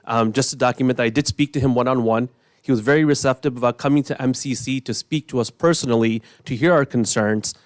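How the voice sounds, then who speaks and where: A middle-aged man giving an earnest, emotional public comment at a village board meeting, speaking with halting restarts. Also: medium pitch, dry recording, clean studio sound.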